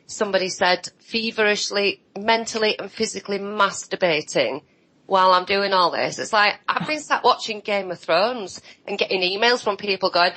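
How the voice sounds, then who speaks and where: A woman's voice: medium pitch, bright, forceful tone, rough recording. A woman on an online roundtable, talking bluntly and sarcastically and mimicking other people's voices as she tells her side. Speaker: roundtable guest. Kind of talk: casual online roundtable chat.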